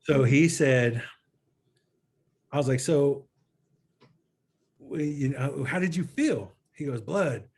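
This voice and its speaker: A man's voice: medium pitch, lively intonation, slow, long pauses, darkish tone, breathy edge. A man telling a personal story in a casual interview, acting out a friend's lines with quoted dialogue in an earnest way. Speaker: guest filmmaker.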